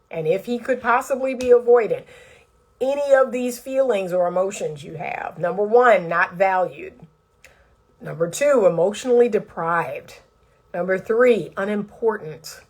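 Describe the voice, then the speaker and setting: A woman's voice: medium pitch, rough recording. A woman relationship coach giving direct, emphatic advice straight to the viewer, counting points off a list. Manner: acts out quoted speech in a raised voice.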